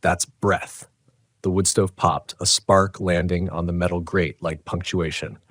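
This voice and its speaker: A man narrating a scripted horror story in a measured, tense way. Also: sits low, flat delivery, a bit bright, dry recording, clean studio sound.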